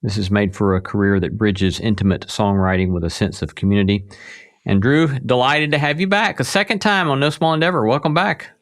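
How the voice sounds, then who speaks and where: A man's voice: fairly low pitch, fairly quick. A man hosting an interview show, speaking in a thoughtful, professorial way as he introduces and questions his guest. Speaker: podcast host.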